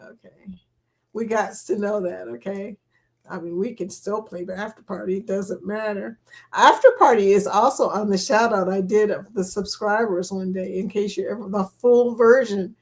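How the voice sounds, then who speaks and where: A chatty woman hosts a relaxed live stream, talking straight to her viewers. She reads comments aloud and laughs easily between thoughts. Her voice sits at an ordinary middle pitch. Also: normal speed. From England. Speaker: livestream host. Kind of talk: casual live chat.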